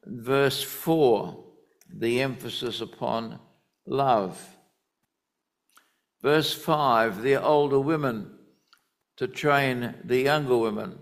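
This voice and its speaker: A man preaching a sermon, teaching from the Bible in a deliberate, emphatic way. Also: mid-range voice.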